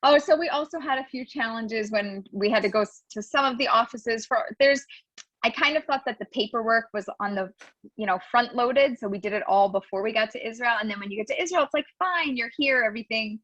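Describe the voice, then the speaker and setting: Mom in her 40s, animated storyteller, bit high voice, dull dry lo-fi sound. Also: a little fast, dry recording. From United States. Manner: animated storyteller, acts out quotes. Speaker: guest, new immigrant. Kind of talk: casual interview chat.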